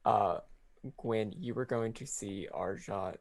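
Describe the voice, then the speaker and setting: A man playing a tabletop game, talking casually with halting fillers. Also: on the low side, darkish tone. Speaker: player.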